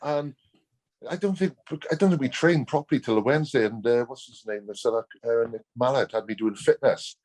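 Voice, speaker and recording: A man's voice: medium pitch, brisk, a little mellow. A Welsh man, a former rugby player, telling stories as a guest in a casual, blunt way, laughing often. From Wales. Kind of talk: casual storytelling.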